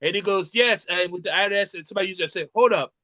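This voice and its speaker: A man's voice: sits high, rapid-fire, no room sound. A man from Nigeria, a comedian chatting casually and acting out the people in his stories. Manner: animated, acts out quoted voices in his stories. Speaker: comedian and podcast co-host. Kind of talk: casual chat, storytelling.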